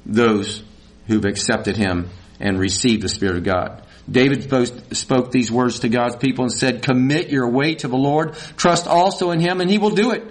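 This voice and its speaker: A man preaching a sermon in a folksy, animated way, rising to high emphatic peaks. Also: normal speed. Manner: folksy, says y'all.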